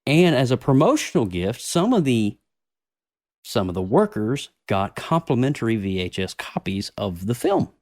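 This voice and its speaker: Animated male podcast host, dry sound. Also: medium pitch, normal speed, no room sound. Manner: animated, laughing, swearing banter. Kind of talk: casual chat.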